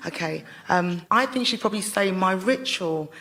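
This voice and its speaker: A woman's voice: medium pitch, lively intonation, normal speed, fairly bright tone. A woman on a comedy panel show, chatting in a giggly, bashful way.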